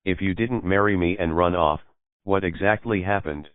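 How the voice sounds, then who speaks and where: A man voicing a flustered, sharp-tongued young bride who snaps indignant questions. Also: deep voice, normal speed, smooth, no echo, natural voice. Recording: dry, phone-like lo-fi audio.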